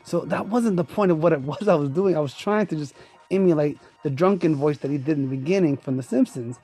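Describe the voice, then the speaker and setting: A man's voice: fairly high pitch, a little fast, mellow, slightly rough. A man hosting his own podcast, telling a story in a rambling, casual way with frequent laughs and swearing. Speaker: podcast host.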